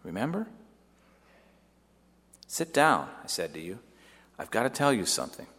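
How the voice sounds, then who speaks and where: A man's voice: fairly low pitch, big pitch swings, moderate pace, fairly bright tone, slightly rough, full character voice. Joseph, a man playing an earnest young son. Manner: heartfelt, tender, storytelling. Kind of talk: dramatic first-person monologue. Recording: long echoey hall reverb.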